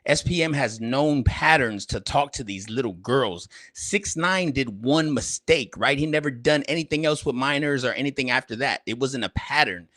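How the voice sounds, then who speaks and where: A man's voice: mid-range voice, animated, normal speed, few pauses, a bit bright, dry recording. A man hosting a casual livestream, chatting in slang straight to his viewers and a little out of breath. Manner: slangy, repetitive, talks straight to chat. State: slightly out of breath. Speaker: livestream host.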